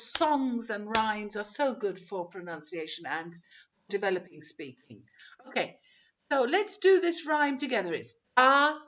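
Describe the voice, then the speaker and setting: A woman's voice: mid-range voice, a bit bright, highs cut off. A woman teaching English pronunciation in an online webinar, drawing out example words and laughing often.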